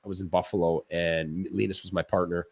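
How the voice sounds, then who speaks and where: A man, a former hockey goaltender, talking hockey in a loose, animated way with frequent restarts and laughs. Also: low-pitched, brisk. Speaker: former goaltender, guest analyst. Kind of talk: casual post-game chat.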